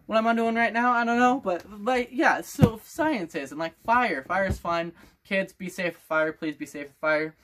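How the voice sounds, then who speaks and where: A man's voice: high-pitched, normal speed, a bit bright, a little hiss or hum. Rambling teenage boy vlogger. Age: teens. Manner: rambling and playful, putting on a loose made-up accent. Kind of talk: casual vlog talk to camera.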